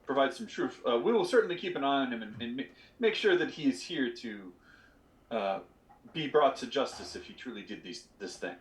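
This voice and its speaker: A man voicing a wary middle-aged baron who stammers and hedges through every promise, his pitch rising and falling in lively swings. The voice sits in a roomy space with a noticeable echo. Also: brisk, close to an everyday voice. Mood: cautious. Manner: hesitant, stammering, full of fillers. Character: cautious hedging male baron, middle-aged nobleman. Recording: roomy stream audio.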